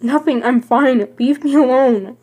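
Woman playing a crying young woman, husky and high, defensive, home-made drama. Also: fairly even intonation, moderate pace, darkish tone. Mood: tearful. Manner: pushes others away, pleading.

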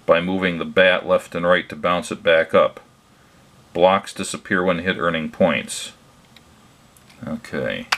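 An older hobby electronics host with a low voice talks through a demo casually and simply, with hesitant pauses along the way.

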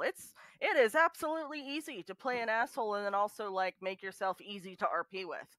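A woman's voice: mid-range voice, a little fast, hardly any pauses, a bit bright, dry recording. Chatty woman guest, full of "like"s. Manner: lots of filler "like", emphatic. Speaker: podcast guest. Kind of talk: casual podcast chat.

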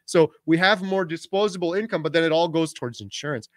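A man in his forties hosting a casual livestream with his wife, telling stories in an animated way. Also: fairly high pitch, quick pace, no echo, clean studio sound. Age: 40s. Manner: animated storytelling, talks over his wife. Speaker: host.

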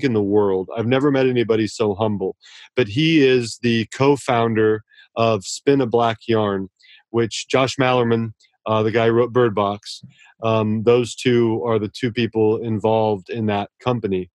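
A man's voice: medium pitch, fairly even intonation, a little slow, no echo. A man speaking as a guest author in a casual podcast interview, earnest and effusive, often restarting his sentences.

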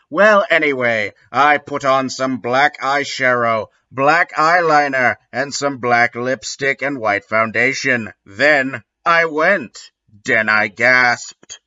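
A man giving a comedic dramatic reading and breaking off for deadpan, sardonic asides. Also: medium pitch, slow, lo-fi sound. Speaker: comedic reader.

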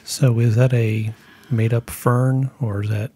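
A man co-hosting a live painting stream, keeping up with the chat and asking the teacher relaxed questions. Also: medium pitch, measured pace, a little hiss or hum. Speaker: co-host reading live chat. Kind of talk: casual chat.

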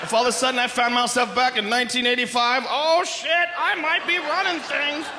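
A man doing live stand-up comedy, ranting loudly and animatedly with lots of profanity. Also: extremely high pitch, steady tone, brisk. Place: large theater stage. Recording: echoey hall with audience noise.

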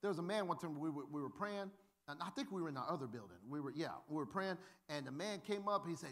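A male pastor with a voice on the high side talks fast while preaching a sermon. He tells funny stories in an animated, humorous way, acting out the voices of the people in them.

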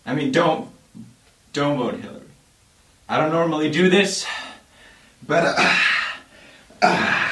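Young male skit comic, lively pitch, slow delivery, goofy. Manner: hammy, shouty greetings, sudden silly voices. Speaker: comedy video creator. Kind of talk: goofy comedy skits. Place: green screen studio. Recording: echoey room, from a distance.

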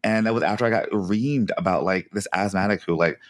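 A man, a physician, telling stories over a remote call in a casual, animated way, laughing often. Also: low voice, brisk, no echo. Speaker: physician, podcast co-host. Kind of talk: casual chat, storytelling.

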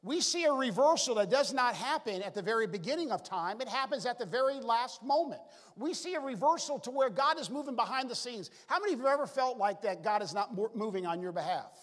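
Male preacher, high voice, storytelling sermon, voice ringing in a reverberant sanctuary. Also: expressive, quick pace, a bit bright. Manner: storytelling preacher who acts out the characters' lines; repeats "all of a sudden" and "be able to". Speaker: pastor. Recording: long reverb from a large hall.

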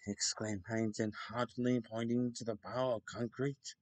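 A man reading a children's story aloud in a slow, deliberate way with occasional slips. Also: mid-range voice, level tone, no echo. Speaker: storybook reader.

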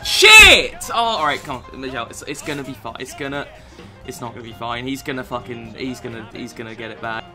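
A young man giving gameplay commentary, swearing constantly and swinging from low muttering to outbursts. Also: quick pace, over music. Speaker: gaming YouTuber.

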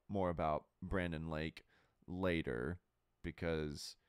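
Casual podcast guy, deep smooth voice, talks in loose rambly takes. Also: dry recording, studio quality. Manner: candid, rambling, with many fillers and restarts. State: burping and hiccuping. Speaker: podcast host. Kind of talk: casual opinion monologue.

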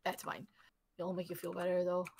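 A woman's voice: on the low side, brisk, vocal fry, slight background noise. A young adult woman guesting on a friend's stream, teasing and joking in casual chat. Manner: goofy, teasing, deadpan jokes.

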